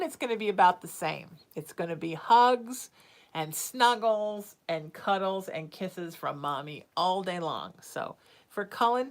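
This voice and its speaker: A woman hosting a casual live-stream as a psychic medium, reassuring and calling listeners sweetheart and honey. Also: mid-range voice. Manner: casual and chatty, with soft fillers.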